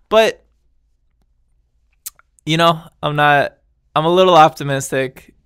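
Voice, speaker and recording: Gravelly-voiced man rambling on his podcast. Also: mid-range voice, fairly bright tone, no echo, studio quality. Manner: rambling, loose, laughs often, trails off mid-thought. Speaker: podcast host. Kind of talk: casual solo chat.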